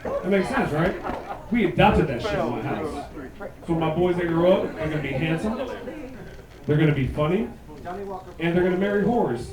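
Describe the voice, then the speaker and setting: A man in his thirties performing a profane stand-up set, loud and punchy, slipping into mocking put-on voices. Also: a little high, expressive, moderate pace, long pauses. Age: 30s. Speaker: stand-up comedian. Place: comedy club stage. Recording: echoey club, mic heard from a distance, laughing crowd.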